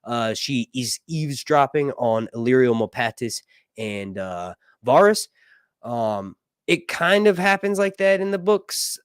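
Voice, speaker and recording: A man hosting a live show, chatting casually through a reaction and analysis, rambling and excitable, swearing freely and laughing often. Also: mid-range voice, smooth, no echo, clean studio sound. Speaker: livestream show host.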